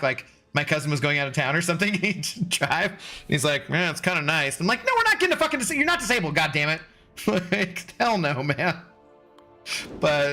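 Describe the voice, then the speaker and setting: His voice a little high, pushed and bright, this livestream host is a man in his forties from Washington State, USA. He reads the chat and talks casually with viewers, loose and profane, with frequent laughter.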